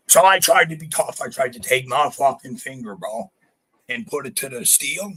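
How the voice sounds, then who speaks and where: This podcast guest is a Canadian man relaying a rough story in loose, curse-heavy chat, with a blunt and animated delivery. His voice is mid-range and slightly rough at a moderate pace, captured on a rough recording.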